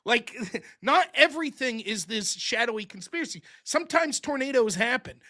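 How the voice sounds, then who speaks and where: A man hosting a podcast in casual chat, reading viewer messages and joking around. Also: extremely high pitch. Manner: animated, joking, quick to laugh. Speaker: podcast host reading super chats.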